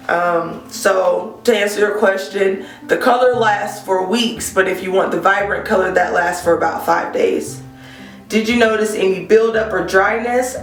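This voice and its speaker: A hair care vlogger with a cold gives a casual product review, chatting directly to viewers with frequent ums in a scratchy, medium-pitched voice. She is a little away from the mic in a roomy space, with faint guitar music underneath.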